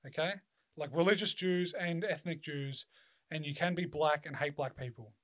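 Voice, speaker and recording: Man, casual chat, emphatic, heavy swearing, fairly high pitch. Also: normal speed, fairly bright tone. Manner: swears constantly, emphatic, rambling restarts.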